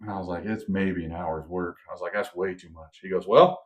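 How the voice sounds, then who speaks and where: Low-voiced and brisk, this podcast co-host tells a long, casual story. He is an animated storyteller who mimics the voices of the people he quotes.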